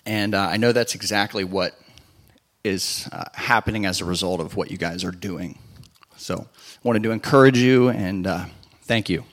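A man with a deep voice, a guest at the church, speaking hesitantly to encourage others. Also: moderate pace. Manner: soft-spoken, hesitant.

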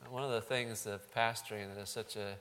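A man, a pastor, speaking haltingly to his congregation and leading a prayer. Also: fairly low pitch, fairly even intonation, fairly bright tone. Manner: halting, with frequent ums. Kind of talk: church service address and prayer.

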